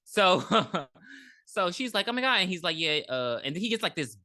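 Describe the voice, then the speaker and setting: A low-voiced woman with a bright, lively delivery, recapping a movie on a podcast. She swears freely and slips into the characters' voices as she tells it. The sound is dry and close. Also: normal speed, dry recording. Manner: animated, profane, acts out characters in quotes. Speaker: podcast co-host. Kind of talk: casual movie recap chat.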